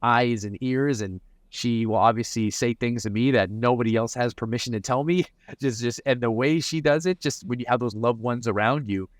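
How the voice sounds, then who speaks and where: A man's voice: medium pitch, moderate pace, no room sound, clean studio sound. A man answering interview questions as a mental performance coach, reflective and often repeating words as he starts a thought.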